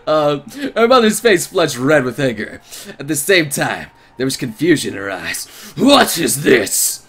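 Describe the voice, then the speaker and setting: Excitable, lively-voiced male streamer. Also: medium pitch, normal speed. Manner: excitable, crude, laughing reactions. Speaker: game streamer. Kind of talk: reading and reacting to a visual novel.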